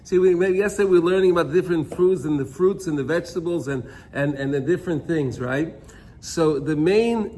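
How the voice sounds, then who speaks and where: A man's voice: fairly high pitch, breathy edge. A man teaching an informal Torah class, telling stories and often checking in with "right?".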